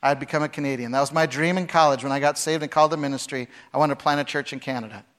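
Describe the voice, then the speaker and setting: A man's voice: on the high side, steady tone, racing, fairly bright tone. A middle-aged man preaching a casual sermon, reading scripture and adding humorous asides and rhetorical questions. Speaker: pastor.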